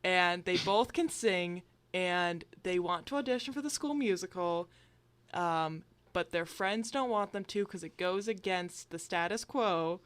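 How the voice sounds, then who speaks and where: A woman's voice: lowish voice, measured pace, clear, resonant tone. A woman co-hosting a casual movie-review podcast, chatty and a little hesitant. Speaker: podcast co-host.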